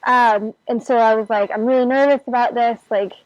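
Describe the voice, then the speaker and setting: A woman's voice: on the high side, fairly even intonation, brisk, dry recording. A woman casually telling a personal story, acting out her own past reactions with lots of "like" fillers. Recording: dull lo-fi sound, faint music behind.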